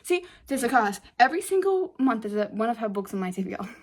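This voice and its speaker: A woman's voice: fairly high pitch, sing-song, quick pace. A nineteen-year-old woman chatting casually to camera as a book vlogger, rambling with giggly asides.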